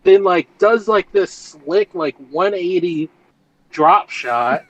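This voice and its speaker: Slightly high-voiced man telling a story loosely. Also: lively intonation, slow, poor audio. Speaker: podcast co-host. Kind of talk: casual movie recap.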